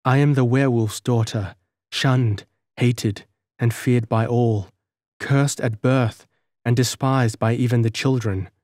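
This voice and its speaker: A man gives a lightly raised voice to a gentle young village girl from a storybook, shunned and sorrowful, who speaks softly and earnestly. The recording is dry and close, with no room sound. Her wistful lines move along at a middling pitch. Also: steady tone, slow, no room sound, lightly acted. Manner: soft, earnest and wistful delivery. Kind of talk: audiobook character reading.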